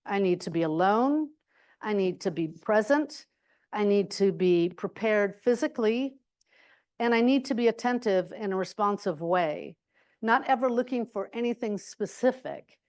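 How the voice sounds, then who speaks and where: A woman speaking at a university forum, reflective and expressive, with a pitch sitting right in the middle of her range. She tells her stories with lively emphasis and now and then bursts into exclamations. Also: moderate pace. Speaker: guest speaker.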